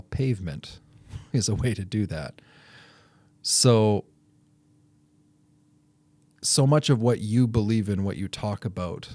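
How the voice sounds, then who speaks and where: Male interviewer, somewhat low pitch, curious and appreciative. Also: darkish tone, no room sound. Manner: appreciative, inquisitive. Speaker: podcast host.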